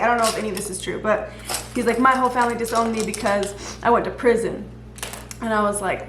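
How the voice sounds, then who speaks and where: A woman with a fairly high voice tells stories in a relaxed conversation. She is animated and laughs often mid-sentence. The sound is roomy and echoey, with a faint hiss behind it. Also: fast. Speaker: guest. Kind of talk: casual storytelling chat. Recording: echoey room with faint background noise.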